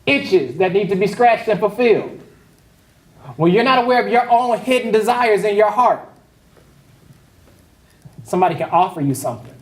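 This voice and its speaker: A man's voice: sits high, lively intonation, normal speed, long pauses, far from the mic. A man preaching a conversational sermon as pastor, speaking casually and making joking asides to the congregation. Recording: echoey hall, voice picked up from afar.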